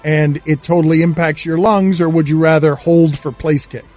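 Man, sports radio host, playful ribbing, slightly raised pitch. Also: little pitch movement, normal speed, a little mellow. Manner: teasing, amused banter.

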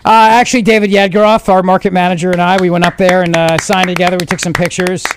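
A middle-aged man hosting a radio talk show in a studio, bantering and joking at his own expense with quick asides. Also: high voice, level tone, noisy background. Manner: jokey, self-mocking, quick asides. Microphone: studio microphone.

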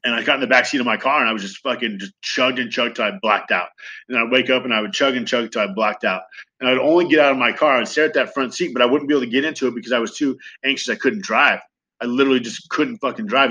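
Man, 30s, rapid-fire candid storyteller, bright, crisp voice, swears freely. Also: medium pitch, low-quality recording. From Southern California. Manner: fast, profane, animated retelling with acted quotes. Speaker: guest sharing recovery story.

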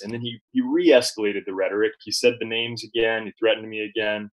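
A man, a journalist guest, recounting an experience in relaxed conversation with frequent fillers and restarts. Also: fairly low pitch, a little fast, hardly any pauses, poor audio. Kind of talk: conversational storytelling.

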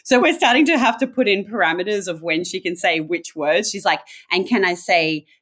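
A woman's voice: mid-range voice, a little fast, fairly bright tone, slightly rough. A woman in her late thirties co-hosting a casual podcast chat, talking readily and laughing often. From Australia. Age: late 30s. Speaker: podcast co-host.

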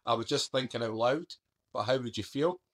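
Guy on a podcast telling his story, down to earth, casual, middle pitch. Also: a little fast, fairly bright tone. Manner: plain-spoken, conversational, uses "mate" and "I done". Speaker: guest, author.

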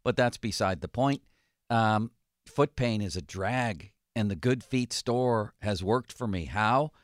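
Low-voiced joking radio talk host. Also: male voice, takes it slowly, no echo, studio quality. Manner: relaxed, joking, conversational. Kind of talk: casual sports radio chat and host-read ads.

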